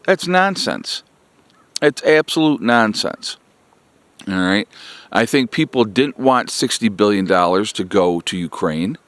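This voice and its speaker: A man's voice: fairly low pitch, a little slow, fairly bright tone, dry recording. A man giving a blunt, exasperated political rant to his viewers, repeating his points and calling them "folks". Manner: exasperated, repetitive, keeps addressing "folks". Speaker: political commentary vlogger.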